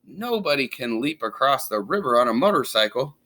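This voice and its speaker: Walrus, a fretful storybook animal, put on by a man. The voice jumps up high and wails in pleading cries. It sounds close to a shout. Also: big pitch swings, fairly quick. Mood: panicked.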